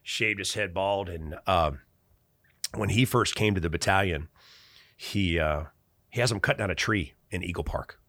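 A man in his forties, a military veteran guest, telling stories casually in an animated, profane way with laughter. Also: deep voice, normal speed, no room sound. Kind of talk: casual storytelling.

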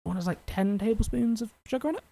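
A man's voice: sits high, expressive, fast, gravelly, dark tone. A young man, co-hosting a casual comedy podcast with a sarcastic, mocking manner. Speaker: podcast co-host.

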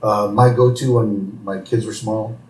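A man's voice: fairly low pitch, fairly even intonation, unhurried, slight background noise. A man co-hosting a podcast, chatting casually and laughing while he recaps an episode. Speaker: podcast co-host. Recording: roomy, distant mic.

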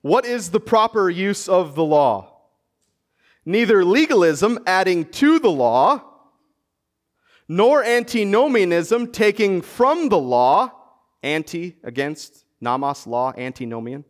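A man's voice: high-pitched, sing-song, takes it slowly. An American man preaching a sermon as pastor, earnestly teaching and pressing emphatic rhetorical questions. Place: church sanctuary.

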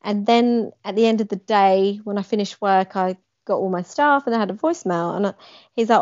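A young woman tells a personal story, bringing scenes to life as she describes them. Her voice sits at an average pitch. The recording is dry and slightly muffled. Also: a little fast, no room sound. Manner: animated, acts out quoted lines with emphasis. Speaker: guest. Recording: dry, slightly dull lo-fi sound.

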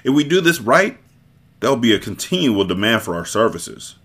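A man's voice: medium pitch, sing-song, normal speed, a bit bright, husky, full character voice. A man voicing a conceited, scheming Sicilian kidnapper in a storybook reading, talking in a smug, bossy way.

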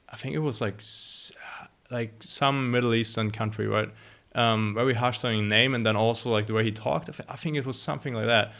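A man's voice: fairly low pitch, a bit bright, clean tone. A man interviewing a guest in a casual conversation, talking hesitantly with many fillers.

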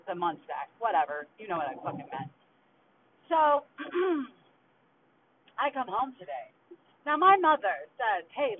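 A woman hosting her own podcast, venting casually in an angry, exasperated and profane way, with bitter laughs. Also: medium pitch. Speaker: podcast host. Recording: tinny phone-quality recording with faint hiss.

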